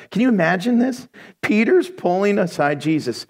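High-voiced, animated male pastor. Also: brisk. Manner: animated, jokey, acts out voices. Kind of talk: sermon. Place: church before a congregation.

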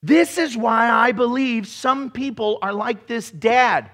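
This lively sermon comes from a male pastor whose voice sits fairly high and whose delivery is slow. He performs voices along the way, sometimes sliding into mocking impressions.

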